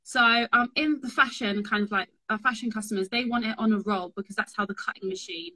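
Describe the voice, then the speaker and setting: A woman's voice: fairly high pitch, fairly quick, pushed and bright, rough recording. A young woman, chatting as a guest on a livestream, rambling with many restarts and frequent laughs. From London. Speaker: guest, fabric business owner. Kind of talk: casual chat on a livestream.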